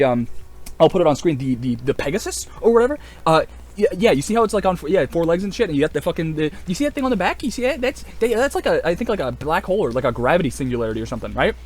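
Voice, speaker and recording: A young man rambling excitedly in casual video commentary, swearing a lot and full of fillers. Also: on the high side. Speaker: video creator.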